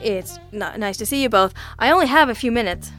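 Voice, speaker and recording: A woman's voice: on the high side, lively intonation, fairly quick, fairly bright tone, faint music behind. A woman voicing a nervous, defensive middle-aged male city official who stammers. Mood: anxious.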